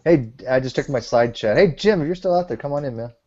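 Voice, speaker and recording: A man's voice: medium pitch, lively intonation, fast talker, darkish tone. Stammery guy hosting a chat, muffled lo-fi sound. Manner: stammering, laughs often. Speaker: host. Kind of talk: casual group chat. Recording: dull lo-fi online call.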